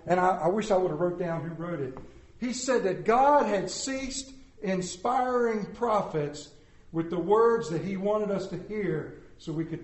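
A high-voiced male preacher delivers a folksy sermon to a congregation in a large, echoing hall. He tells stories with a joking touch, dropping to a hush and then rising loud again.

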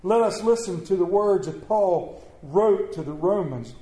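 A high-voiced man preaches in a church hall, and the room's echo hangs on his words. He reads scripture slowly and with weight, then jokes and trades questions with the congregation. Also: animated, mellow. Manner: slow emphatic scripture reading, then joking banter with the congregation. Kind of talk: sermon with scripture reading and audience questions. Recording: echoey room.

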